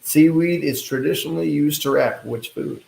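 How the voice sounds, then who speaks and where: A man's voice: a little high, normal speed, gravelly, darkish tone, slight background noise. A man co-hosting a casual podcast from his kitchen at home, teasing and playful as he runs a trivia game. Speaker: podcast co-host. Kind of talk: casual chat. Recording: echoey kitchen.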